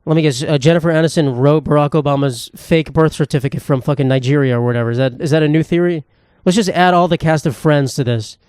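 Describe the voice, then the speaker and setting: A man's voice: on the high side, fast, hardly any pauses, darkish tone, clean tone, no echo, studio quality. A young man hosting a solo comedy podcast, rambling and sarcastic, swearing freely. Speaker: podcast host.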